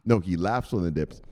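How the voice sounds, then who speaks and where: A man's voice: deep voice, warm tone. A male crypto show host in casual, joking chat who swears freely and laughs a lot. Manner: joking, profane, laughs often.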